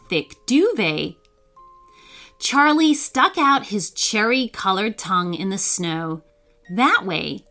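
A woman tells a bedtime story to children, her fairly high voice swooping with lively expression. She reads at an unhurried pace, lingering over each phrase. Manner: slow, expressive reading for children.

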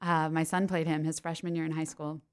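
A chatty woman from Pennsylvania, talking casually as a guest about her stage work. Her voice sits a little low for a woman, and she keeps dropping "like" fillers and breaking into laughs. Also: little pitch movement, a little fast, clear, resonant tone. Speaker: podcast guest, stage actress. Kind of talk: casual interview chat.

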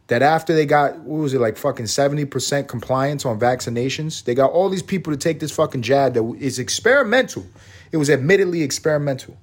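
A man's voice: mid-range voice, slightly rough. A man hosting his own podcast, ranting in a profane, sarcastic and rambling way. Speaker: podcast host. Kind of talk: casual rant.

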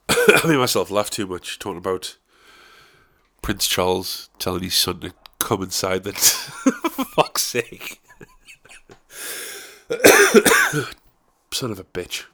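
A man's voice: low voice, a little slow, long pauses, pushed and bright. A man hosting a podcast, rambling and swearing as he laughs through casual chat. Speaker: podcast host.

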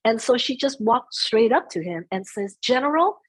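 Soft-spoken woman with a husky voice. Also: fairly high pitch, moderate pace, no echo, low-quality recording. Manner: mixes in Vietnamese phrases. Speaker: interview guest. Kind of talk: casual conversation.

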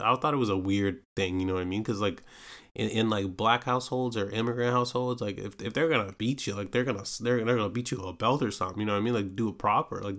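A man's voice: on the low side, fairly bright tone. A man with a London accent hosting a podcast, telling a personal story in a rambling, profane way with lots of fillers. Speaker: podcast host. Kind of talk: casual storytelling.

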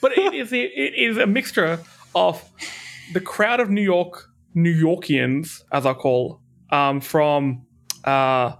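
Guy with a gravelly voice, kinda higher, rambling and jokey on a podcast. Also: a bit bright. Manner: jokey, rambling, quick bursts. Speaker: podcast host. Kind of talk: casual podcast chat.

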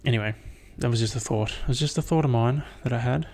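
A young man talking alone on his podcast in a loose, rambling way, full of swearing and fillers. His voice has a gravelly, creaky texture at a middling pitch. He sounds casual and unscripted throughout. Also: fast, a little mellow. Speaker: podcast host. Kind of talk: casual solo podcast monologue.

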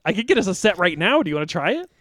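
A man's voice: high voice, very animated, racing, a crowd in the background. A man hosting and performing improv comedy, who talks in a rambling, earnest and playful way.

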